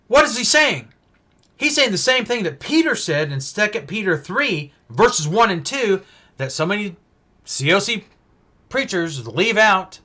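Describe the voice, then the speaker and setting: A male preacher giving a Bible-teaching sermon, emphatic and full of rhetorical questions, swinging between loud stresses and hushed asides. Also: sits high.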